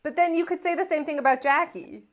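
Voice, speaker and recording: A woman with a high voice chats loosely as a co-host, reviewing a show with her friend. She slips into put-on voices whenever she quotes someone. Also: fast. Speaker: podcast co-host. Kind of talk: casual review chat.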